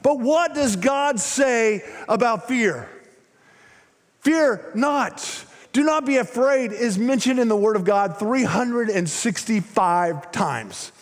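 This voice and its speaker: An older man preaching a sermon, swinging between loud emphatic lines and hushed, low phrases. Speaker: pastor. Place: large church sanctuary. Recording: long hall reverb.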